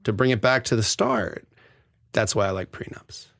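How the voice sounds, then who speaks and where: A middle-aged man talking as a podcast guest in casual chat, animated and profane, acting out the voices he quotes. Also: on the low side, moderate pace. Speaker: podcast guest, divorce lawyer. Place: tent.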